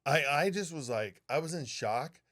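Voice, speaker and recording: A man co-hosting a podcast, telling a story in casual, animated talk with a lot of swearing. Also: fairly high pitch, normal speed. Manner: animated, profane, acts out what people said. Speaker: podcast co-host, flight attendant.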